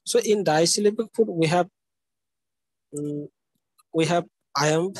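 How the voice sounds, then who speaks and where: Here the lecturer's voice is fairly high and slow, captured in a low-quality recording with no echo. He walks through the material step by step, asks "okay?" again and again, and spells out words letter by letter.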